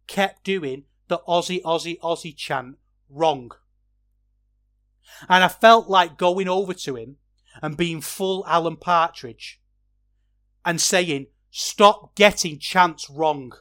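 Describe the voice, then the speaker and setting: A man, a wrestling podcaster, talking through a match review in a casual, chatty way that gets animated when he rants. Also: on the high side, slow, pauses often.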